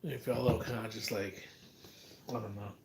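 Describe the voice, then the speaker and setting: A man's voice: fairly low pitch, flat delivery, brisk, very noisy. A man chatting casually to viewers on a livestream from his home, rambling and swearing often. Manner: rambling, profane, talks to chat. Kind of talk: casual live-stream chat.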